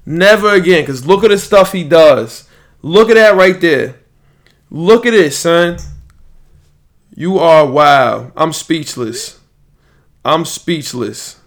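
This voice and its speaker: A man's voice: high-pitched, animated, takes it slowly, pauses often. A young man, a podcast host ranting in frustration about a live fantasy draft. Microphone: podcast mic, moves away at times.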